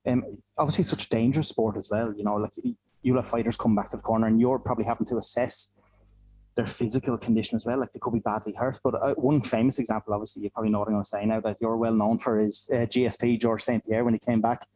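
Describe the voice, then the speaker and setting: Fast-talking man, mellow dry voice. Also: on the low side, steady tone, no echo, rough recording. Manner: rambling, hesitant questions with many restarts. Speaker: podcast host, interviewer. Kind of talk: casual interview questions.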